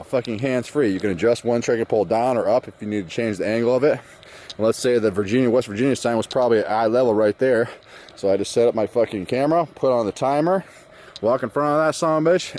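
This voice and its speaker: A man's voice: medium pitch, a little mellow, a little hiss or hum. A man from the US Midwest with a mixed Southern drawl, rambling crudely and joking while walking a forest trail, recorded on a phone camera. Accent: mixed Southern drawl and Northern US. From Michigan, US Midwest. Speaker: thru-hiker vlogger. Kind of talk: casual profane trail monologue. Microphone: phone camera on trekking pole.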